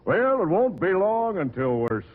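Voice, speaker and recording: Jolly, chuckling old Santa; lively ups and downs, unhurried, 1940s radio acting on a tinny broadcast. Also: male voice, high voice. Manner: hearty, chuckling, stammering warmly.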